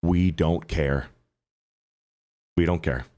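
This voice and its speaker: A man's voice: extremely low pitch, fairly even intonation, slow pace, dark tone. A man hosting a livestream, reacting to clips in casual, profane commentary and often repeating himself. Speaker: livestream host.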